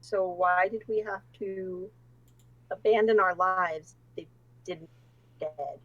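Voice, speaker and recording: A woman playing a tabletop role-playing game, asking questions in a drawn-out way. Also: lowish voice, fairly bright tone, no echo, lo-fi sound. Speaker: player. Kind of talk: in-character tabletop role-play.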